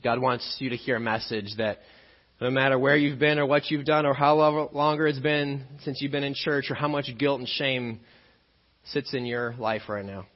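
A male pastor delivering a sermon in a middle-range voice, lively and joking as he tells a family story before turning to scripture. He acts out little scenes as he goes. The recording sounds dull and lo-fi. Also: medium pitch, moderate pace, long reverb tail.

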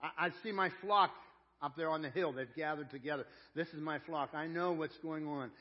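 A man voicing God as a calm, watchful male shepherd, speaking gently and reassuringly in a sermon. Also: a little high, normal speed, close to an everyday voice. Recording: dull lo-fi church audio.

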